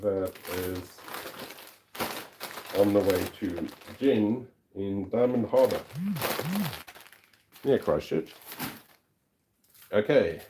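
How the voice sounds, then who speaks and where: A man's voice: lowish voice, drawn-out words, pauses often, warm tone, slight background noise. A man from South Africa with a South African accent, chatting casually on a livestream as he packs fossils, easily delighted and laughing often. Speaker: fossil collector and channel host. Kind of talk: casual livestream chat while packing.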